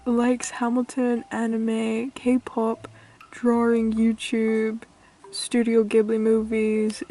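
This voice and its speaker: A woman's voice: fairly high pitch, takes it slowly. A young woman from the UK chatting casually as a vlogger, giggly and self-mocking, often trailing off into mutters. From United Kingdom. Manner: squeals with excitement at finds. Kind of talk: casual chat. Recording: faint music behind.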